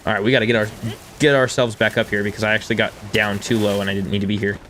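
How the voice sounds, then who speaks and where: A man in his thirties streaming a game and chatting with his viewers in a casual, self-deprecating way, with quiet music underneath. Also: fairly low pitch, level tone, racing, a little hiss or hum. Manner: chatty and self-deprecating, reading chat aloud. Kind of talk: casual live-stream chat over gameplay.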